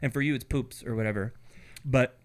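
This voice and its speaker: A man co-hosting a podcast, telling a story in casual chat and acting out shouted quotes. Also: medium pitch, fairly quick, a little hiss or hum. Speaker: podcast co-host.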